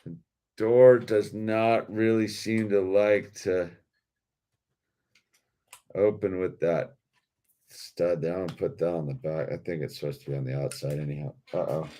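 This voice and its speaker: A man's voice: deep voice, fairly even intonation, unhurried, pauses often, dark tone. A man hosting a toy-building video in a laid-back, slangy way, saying dude a lot. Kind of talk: casual commentary while building.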